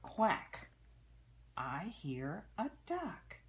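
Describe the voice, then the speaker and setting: An older woman reading a children's picture book aloud, chatting gently about the pictures and sometimes dropping to a whisper. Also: low voice, animated, takes it slowly, a little hiss or hum.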